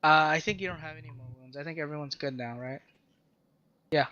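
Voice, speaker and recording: A man who is the game master, narrating a tabletop game in a casual, halting way, on a muffled lo-fi mic. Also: on the high side, sharp tone.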